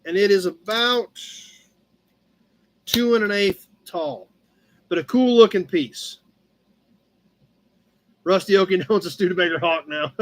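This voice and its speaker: A man's voice: sits high, measured pace, long pauses. A man hosting a casual live-stream auction of car badges, chatting about each piece and calling out the bids. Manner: chatty, talks to his cat between bids.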